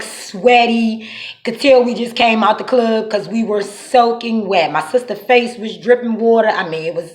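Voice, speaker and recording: Dc-woman telling crazy stories, cussing, voice bouncing all over, echoey room. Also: medium pitch. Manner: animated, profane, slangy. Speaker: vlogger. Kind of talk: casual storytelling.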